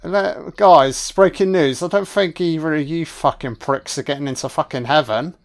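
A man's voice: on the high side, normal speed. A man giving a casual, wisecracking film commentary on a first watch, swearing freely and talking back at the screen. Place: home recording, voice only.

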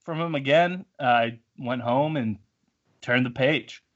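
A man's voice: mid-range voice, slow pace, highs cut off. A man, telling a story in a rambling, self-mocking way on a podcast. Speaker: podcast co-host. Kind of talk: casual storytelling.

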